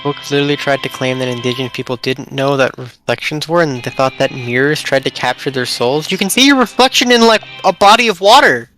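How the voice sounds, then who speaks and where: A woman guest in a casual gaming chat, talking in an animated, sarcastic way. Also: extremely low pitch, a little fast, few pauses, faint music behind.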